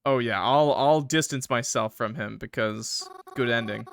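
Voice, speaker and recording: A man's voice: mid-range voice, a little slow, gravelly, hardly any pauses. A young man doing casual game commentary as a streamer, joking, laughing often and talking to his chat. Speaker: gaming streamer.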